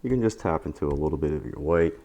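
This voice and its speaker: A man teaching oil painting in a casual tutorial, tired after a long day, talking in relaxed, repetitive encouraging asides. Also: extremely low pitch, fast, creaky, dull audio. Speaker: painting instructor.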